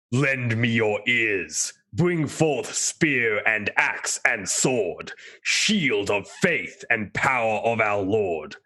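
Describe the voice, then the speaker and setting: A man's voice: sits low, lightly acted. A man voicing a stern, zealous male paladin commander who declaims his orders solemnly.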